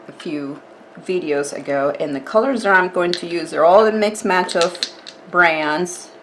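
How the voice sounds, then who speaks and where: A woman explaining her nail art tutorial step by step in a relaxed, chatty way, with fillers. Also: on the low side, a little hiss or hum.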